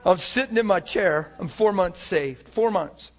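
A man preaching a sermon and telling his own story, animated, swinging between hushed and loud, often chuckling as he speaks. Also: sits high, a little slow. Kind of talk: sermon with personal testimony.

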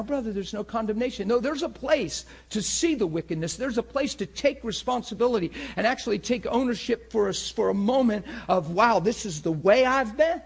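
A man preaching a sermon with passion, moving between loud bursts and hushed, intense talk. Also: high voice, gravelly, breathy edge.

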